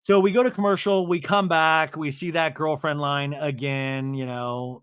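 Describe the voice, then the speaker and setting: A man hosting a podcast, recapping a reality TV episode and acting out the cast's lines in higher voices. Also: fairly even intonation, moderate pace, hardly any pauses, fairly bright tone, smooth, dry recording. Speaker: podcast host.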